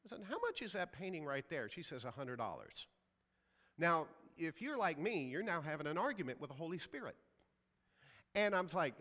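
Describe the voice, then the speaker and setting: Lively male pastor preaching in a reverberant sanctuary. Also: on the high side, moderate pace. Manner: storytelling, acts out quoted voices. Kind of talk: sermon. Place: church sanctuary.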